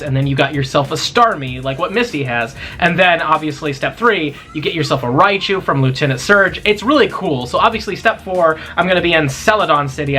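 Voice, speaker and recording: A young man vlogging his mobile game hunt in a chatty, excitable way, talking straight to his viewers. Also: on the high side. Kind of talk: casual gameplay vlog.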